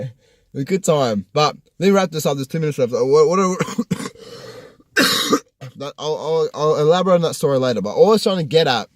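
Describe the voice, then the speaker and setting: Young man, higher voice, dry close sound, rambling swearing rant from his parked car. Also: no room sound. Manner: rambling, profane storytelling with many restarts. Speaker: vlogger. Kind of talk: casual personal rant.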